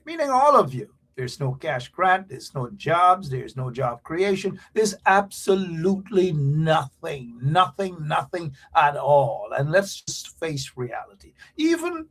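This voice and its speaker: A man's voice: a little high, animated, unhurried, hardly any pauses, a bit bright, husky. A man hosts an online political talk show in a rambling, emphatic way, with many fillers. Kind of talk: casual political commentary.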